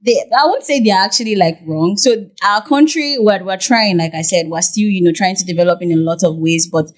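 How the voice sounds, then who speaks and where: A Nigerian woman in a relaxed podcast interview, sitting at a mid-range pitch. She talks animatedly, circling back with "like" and "I mean" and restarting her sentences as she tells her story. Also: brisk. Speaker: podcast guest, content creator and Korean interpreter. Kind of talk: casual interview talk.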